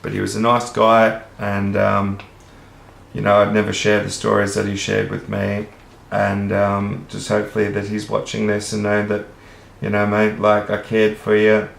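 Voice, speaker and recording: An Australian man talks on at length in a low, flat, gravelly voice, earnest and rambling, with casual swearing. The room around him sounds echoey. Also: moderate pace, slight background noise. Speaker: vlogger. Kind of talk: rambling monologue to camera. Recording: roomy echo.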